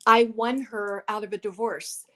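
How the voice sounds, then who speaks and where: A woman hosting a casual interview chat, lively and playful with her guest. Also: mid-range voice, unhurried. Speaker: host.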